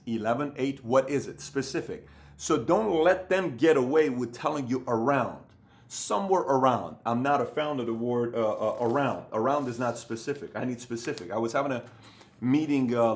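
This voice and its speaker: A man in his thirties giving a motivational business talk, emphatic and repeating key phrases for stress. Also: mid-range voice. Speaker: business coach.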